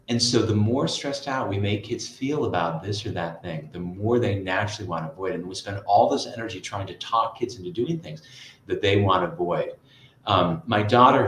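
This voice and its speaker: A middle-aged man, a guest tutor and author, telling stories in a lively conversational interview and often adding "right?". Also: on the low side, reverberant, a little hiss or hum, low-quality recording. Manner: lively, storytelling, frequent "right?" asides.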